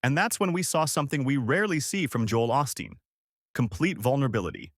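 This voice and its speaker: Lively, earnest male narrator, dry sound. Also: mid-range voice, a little fast, no room sound. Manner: earnest and polished. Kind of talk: scripted voice-over narration.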